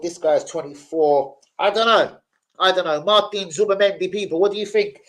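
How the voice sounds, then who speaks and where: A man's voice: sits high, slight background noise. A young man hosting a jokey football transfer live stream, reading out viewers' names. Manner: animated, jokey, reads out chat names. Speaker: football channel host. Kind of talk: live stream chat about transfer news.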